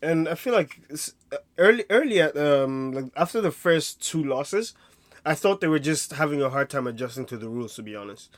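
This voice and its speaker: A man talks sports casually on a podcast, rambling and restarting his sentences. His voice is a little high, and the recording is dry and close. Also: lively intonation, fairly quick, no room sound. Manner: rambling, many fillers and restarts. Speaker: podcast co-host.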